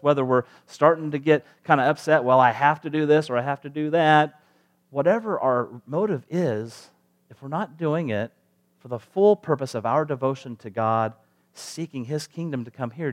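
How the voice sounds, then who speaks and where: A male pastor preaching a sermon in a conversational way, asking the congregation rhetorical questions. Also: mid-range voice.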